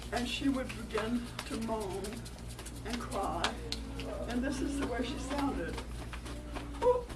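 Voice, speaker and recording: A woman telling a folktale to children, animated and coaxing them to join in. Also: on the high side. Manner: animated, coaxing, interactive with listeners. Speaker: storyteller. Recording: distant mic, noisy room.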